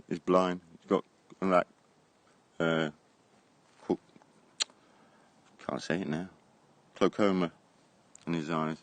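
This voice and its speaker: Middle-aged English bloke, low voice, live-streaming from the garden on his phone, rambling, blunt, laughs a lot. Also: level tone, slow, long pauses, dry recording. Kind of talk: casual live-stream chat. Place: outdoors in a garden. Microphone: phone held at arm's length.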